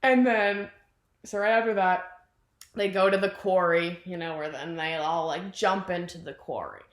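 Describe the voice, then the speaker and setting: A young woman in casual chat, retelling a film's plot in a rambling, animated way, full of "like" and acted-out quotes. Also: fairly low pitch, normal speed. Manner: rambling, animated, heavy use of "like", acts out quotes. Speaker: vlogger retelling a film plot. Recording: echoey room.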